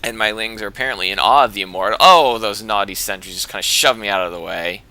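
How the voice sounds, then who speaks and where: An excitable man casting a strategy game he is playing in, with chatty running play-by-play. His voice is bright and forward. He gets worked up quickly as the action heats up. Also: fairly low pitch. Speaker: game caster and player.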